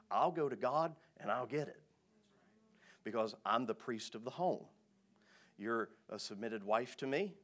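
Man preaching with loud emphatic bursts. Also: mid-range voice. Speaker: pastor. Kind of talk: sermon.

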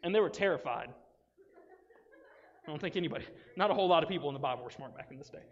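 Young male youth speaker, higher voice, joking and animated, hall echo. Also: rapid-fire. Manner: joking, animated, self-interrupting. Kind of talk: casual, joking sermon. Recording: dull sound with long hall reverb.

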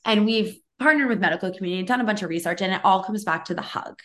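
A woman's voice: medium pitch, quick pace, fairly bright tone. A woman in her thirties hosting a podcast, chatting in an effusive, casual way with lots of fillers. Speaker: podcast host. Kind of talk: casual interview chat.

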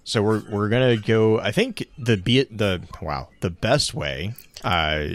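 A man's voice: fairly low pitch, expressive, a little slow. A man hosting a casual online podcast, reading sponsor notes and then chatting loosely with restarts. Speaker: podcast host.

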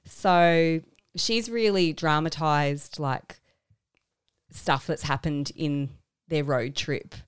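A woman's voice: low voice, slow, clean tone, no room sound, studio quality. A woman in her thirties co-hosting a podcast, chatting casually and acting out quoted voices as she tells stories. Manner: animated storyteller, acts out quoted voices. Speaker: podcast co-host. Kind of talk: casual chat.

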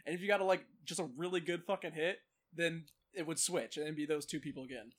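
High-voiced young man telling stories. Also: steady tone, fast. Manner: blunt, profane storyteller. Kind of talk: casual chat.

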